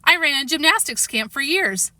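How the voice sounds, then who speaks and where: A spry, sporty grandmother, put on by a woman reading, out of breath after exercise, bright and lively in a dry, close sound. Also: sits high, moderate pace, dry recording, voice pushed up, exaggerated voice. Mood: breathless.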